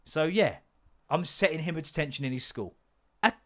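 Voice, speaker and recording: A man hosts his own podcast as a fed-up father. His voice sits a little above the usual male pitch. He talks bluntly, swears freely and pushes every point hard. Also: expressive, a little fast, noisy background. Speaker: podcast host. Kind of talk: comedic parenting rant.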